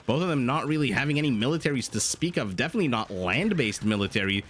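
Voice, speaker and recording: A man casting a strategy game match as a tournament co-host, excitable and prone to rambling tangents. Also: mid-range voice, fast, husky. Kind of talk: esports match commentary.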